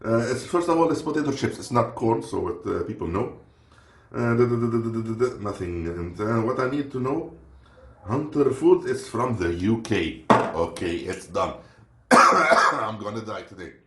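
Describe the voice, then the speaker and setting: A man's voice: fairly low pitch, expressive, moderate pace, pushed and bright. A man from Lebanon, rambling and joking through a casual snack review and stopping to hunt for words. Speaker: unboxing vlogger. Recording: roomy echo with faint noise.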